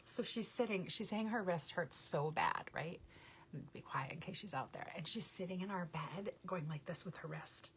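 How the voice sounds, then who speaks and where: A woman's voice: on the low side, moderate pace, slight background noise. A woman hosting a live makeup tutorial, chatting casually, laughing often and greeting viewers by name. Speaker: makeup vlogger, mother.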